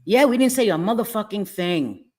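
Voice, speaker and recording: Speaking to her chat through a webcam or phone, a middle-aged livestream host rants furiously, swearing and saying the same things over and over. She has an animated mid-range voice with a darkish tone, at normal speed.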